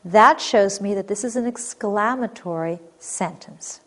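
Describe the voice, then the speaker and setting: A woman teaching a recorded grammar lesson, reading example sentences clearly and expressively, then explaining them. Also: mid-range voice, unhurried, fairly bright tone.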